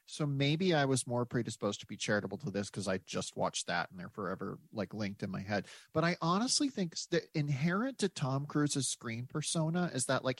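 Wry, animated male podcast co-host. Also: medium pitch, dry recording. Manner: wry and animated, jokey and opinionated. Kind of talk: casual podcast chat.

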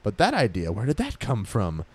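Animated male podcast host. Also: on the low side, normal speed, husky. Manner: animated, chatty, frequent fillers. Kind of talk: casual podcast chat.

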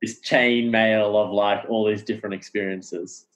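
Low-voiced man in rambling chat. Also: fairly even intonation, unhurried, fairly bright tone, rough recording. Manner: rambling, many fillers and restarts. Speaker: podcast guest. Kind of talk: casual chat.

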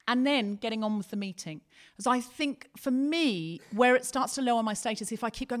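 A woman with a fairly high voice co-hosts a live comedy podcast from a theatre stage. She tells stories with energy and acts out each person in them as she goes. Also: fairly quick, hardly any pauses. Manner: animated storytelling, acting out the people in her stories. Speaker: podcast co-host. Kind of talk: live comedy podcast chat before an audience.

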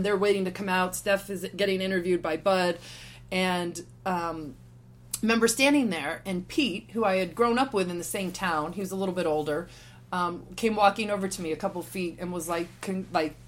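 Lively woman telling a story. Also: lowish voice, a little hiss or hum. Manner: animated, acts out quotes of others. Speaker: podcast guest. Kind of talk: casual storytelling.

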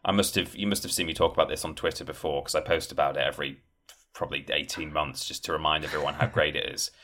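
A man's voice: rumbling low, level tone, quick pace, pushed and bright. A man in casual podcast chat, rambling with many fillers and acting out quoted lines. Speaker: podcast guest discussing game trailers.

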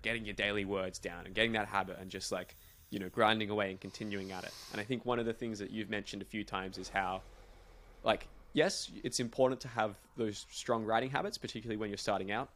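Reflective podcast host, man, lowish voice. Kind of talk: casual podcast chat.

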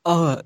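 A man's voice: sharp tone, dry recording. A man guesting on a casual podcast over a video call, joking with dry sarcasm and cackling laughs.

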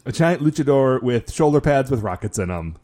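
A man casually recapping a show with a co-host, animated and acting out quotes, with lots of filler words. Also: medium pitch, brisk. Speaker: podcast co-host.

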